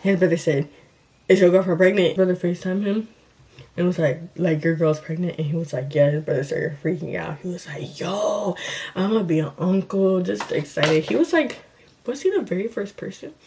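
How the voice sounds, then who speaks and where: A woman's voice: fairly low pitch, brisk, dark tone, a little hiss or hum. A young woman vlogger telling a casual storytime, chatty and full of fillers, acting out what she and others said. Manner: chatty, acts out quotes of herself and others, many fillers.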